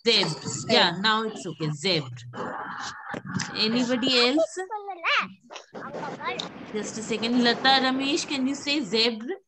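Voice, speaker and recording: A woman's voice: fairly high pitch, unhurried, pauses often. A woman teaching French pronunciation in an online class, patiently repeating words and calling on students by name. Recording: noisy background.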